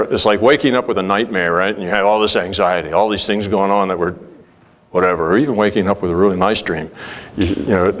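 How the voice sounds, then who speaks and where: A man speaking to a workshop audience and answering their questions in a conversational way, with many fillers, acting out bits of dialogue. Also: lowish voice. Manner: conversational, many "you know" fillers, acts out quoted dialogue.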